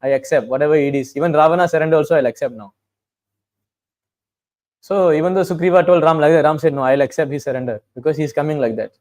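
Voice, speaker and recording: Guy giving a sermon, slightly high voice, casual storytelling, chants some verses. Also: fast talker, darkish tone. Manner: storytelling with quoted dialogue and Sanskrit verses; conversational, frequent "you know". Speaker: preacher.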